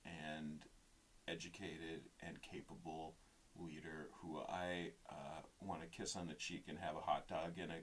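Male podcast co-host, deep but bright tone, casual and profane. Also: flat delivery, measured pace, a little hiss or hum. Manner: loose, profane, offhand. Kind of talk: casual chat.

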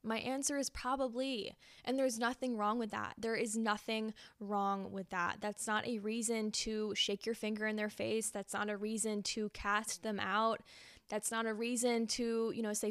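A woman's voice: on the high side, steady tone, unhurried, no room sound, clean studio sound. A young woman hosting a podcast, talking earnestly through a reflective self-help monologue and repeating phrases for emphasis. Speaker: podcast host.

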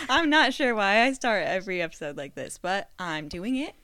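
A woman's voice: mid-range voice, sing-song, moderate pace, pushed and bright, no room sound. Giggly, swearing young woman podcaster. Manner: giggly, swears casually, frequent fillers. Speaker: podcast co-host. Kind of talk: casual chat, unedited podcast.

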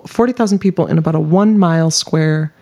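A woman's voice: deep voice, fairly quick, mellow. A woman co-hosting a casual podcast, telling a history story to friends in a loose, chatty way with lots of fillers and laughs. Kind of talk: casual chat among friends.

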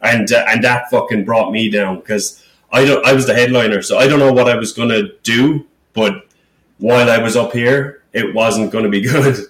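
A male podcast host and stand-up comedian tells a story in a worked-up rant, full of swearing. His voice sits at an ordinary pitch. The room gives it a clear echo. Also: moderate pace. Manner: animated ranting storyteller who swears a lot. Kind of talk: casual podcast chat. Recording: roomy echo.

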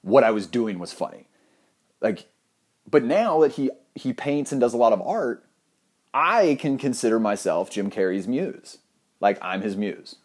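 A young man telling a funny personal anecdote in an animated, profane, self-mocking way. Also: medium pitch, a little slow. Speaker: storyteller.

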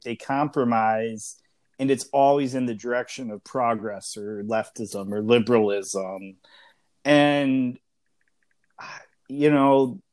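A man in his early thirties with a medium-pitched, darkish voice co-hosts a podcast discussion, speaking conversationally with frequent fillers and restarts.

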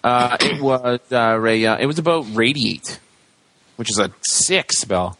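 A man at an ordinary mid pitch chats loosely over an online card game. He needles his friends and swears often. His talk is playful and unguarded. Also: animated, measured pace, fairly bright tone, no room sound. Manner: profane, teasing, joking. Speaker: card game podcast co-host. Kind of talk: casual gaming chat.

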